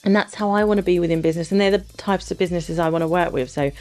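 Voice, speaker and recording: A woman's voice: fairly low pitch, steady tone, rapid-fire, a little mellow, faint music behind. A woman co-hosting a podcast in casual chat, bubbly and laughing often, cutting in on her partner. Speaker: podcast co-host.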